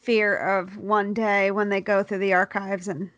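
A woman's voice: medium pitch, little pitch movement, a little slow, a bit bright, dry recording. A woman hosting a podcast, upbeat as she wraps up the episode in casual chat. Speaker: podcast host.

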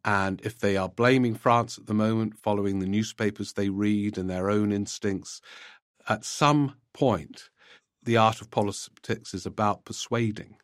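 A man's voice: lowish voice, steady tone, measured pace, no room sound, studio quality. A man hosting a podcast, reading out listener emails and then commenting on them in a conversational way, with frequent "uh"s. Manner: reads letters aloud, then comments with frequent fillers.

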